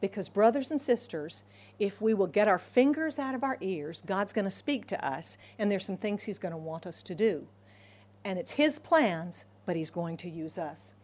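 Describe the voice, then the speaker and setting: A woman preaching a sermon to a congregation, animated, acting out voices of God and Moses. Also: mid-range voice, normal speed.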